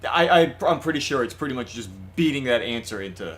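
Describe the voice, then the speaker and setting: A man's voice: medium pitch, fast. A man co-hosting a let's play, casually chatting, exasperated and prone to swearing. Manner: excitable, exasperated, swears and reads dialogue aloud. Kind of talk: casual gameplay commentary.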